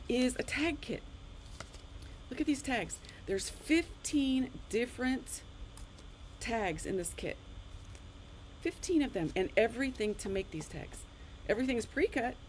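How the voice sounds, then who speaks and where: A chatty card-making instructor hosts a live online craft class, showing off her cards in an animated, exclamatory way while her pitch swings widely. A faint room hum sits behind her voice in this low-quality recording.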